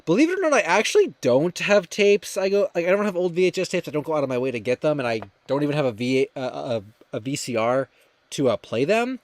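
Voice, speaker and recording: Young male streamer, slightly high voice, loose rambling chat with viewers, many ums. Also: brisk, dry recording. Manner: rambling, many fillers and restarts, reads chat aloud. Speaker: livestream host. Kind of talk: casual livestream chat.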